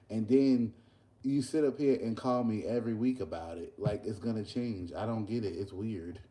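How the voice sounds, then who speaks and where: A young man, chatting casually in a vlog while cooking breakfast at work, telling an animated story. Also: lowish voice, normal speed, slight background noise. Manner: animated ranting storyteller, loose and conversational. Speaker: vlogger and podcast host. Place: workplace kitchen.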